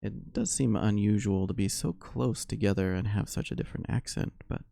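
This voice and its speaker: A man's voice: lowish voice, normal speed, gravelly, mellow, no room sound. A man voicing a male adventurer in a tabletop game who thinks aloud in a thoughtful, wondering way, close to his own voice. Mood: musing.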